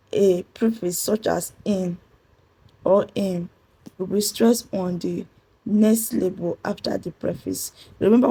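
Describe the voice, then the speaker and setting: Woman teacher, husky gravelly mellow voice, spells out letters while explaining rules. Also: medium pitch, poor audio. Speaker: English teacher. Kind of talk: spoken pronunciation lesson.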